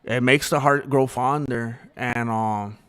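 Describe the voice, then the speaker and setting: A man's voice: medium pitch, steady tone, slow pace, a bit bright, smooth. A young man hosting a livestream, talking candidly and rambling in casual chat with viewers. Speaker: livestream host.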